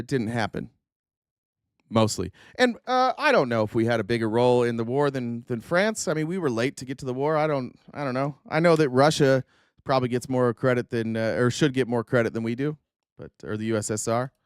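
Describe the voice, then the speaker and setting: A man hosting a political commentary stream, sarcastic and animated as he reacts to clips. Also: mid-range voice, brisk, smooth, no room sound, clean studio sound. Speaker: streamer host.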